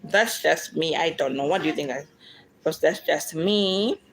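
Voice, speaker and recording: A woman's voice: sits low, moderate pace, rough recording. A woman with a Zimbabwean accent, a native Shona speaker, chatting with viewers in a casual question-and-answer vlog, talking to them directly and laughing often.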